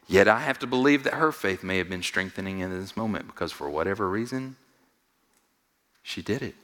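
Animated and fairly quick, a pastor preaches to his congregation in a room with a big sound. He leans on repetition, poses questions to listeners, and shifts from quiet, low asides to loud, high-pitched exhortation.

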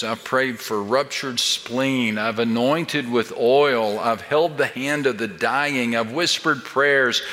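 A man's voice: medium pitch, bright, forceful tone. An older man preaching a sermon as pastor, speaking emphatically and building his point through rhetorical questions. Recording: long reverb of a large hall.

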